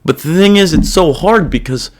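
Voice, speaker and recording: A man's voice: a little high, lively intonation, moderate pace. A young man hosting a podcast, talking through his feelings in a rambling, self-reflective and heavily profane casual monologue. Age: young adult. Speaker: podcast host.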